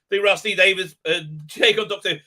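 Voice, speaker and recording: A man's voice: high-pitched, steady tone, fast, sharp tone. A middle-aged man hosting a live stream, rambling casually with lots of fillers and blunt jokes. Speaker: host.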